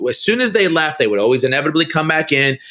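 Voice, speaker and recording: A middle-aged man, a podcast guest, telling a story in a casual interview and acting out quoted dialogue with big pitch jumps. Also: lively intonation, quick pace, bright, forceful tone.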